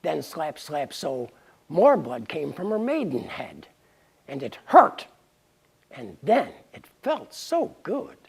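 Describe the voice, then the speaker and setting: Gravelly husky woman reading a punning tale. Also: deep voice, slow pace. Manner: playful, pun-laden, lively. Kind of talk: reading her own punning story aloud.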